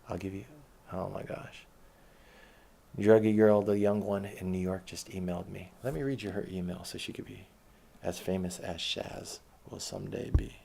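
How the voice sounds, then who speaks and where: A young man delivering a profane, sarcastic, rambling rant to camera, swinging between loud outbursts and low mutters. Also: moderate pace, vocal fry, slight background noise. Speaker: vlogger. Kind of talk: ranting monologue to camera.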